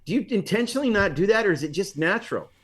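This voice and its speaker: A man hosting a casual interview, friendly and quick to laugh, asking loose, rambling questions. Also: high voice, expressive.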